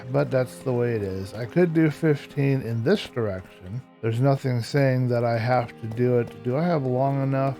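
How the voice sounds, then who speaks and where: A man's voice: mid-range voice, gravelly, dark tone. A man giving casual Minecraft gameplay commentary, a little tired and yawning, who likes to explain each step as he builds. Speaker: Minecraft YouTuber.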